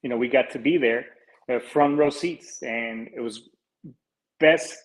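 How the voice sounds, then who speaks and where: Unhurried and medium-pitched, the host, a Colombian-born man in his forties, rambles earnestly through his podcast. Expect many fillers, restarted sentences and casual swearing. It's a low-quality recording.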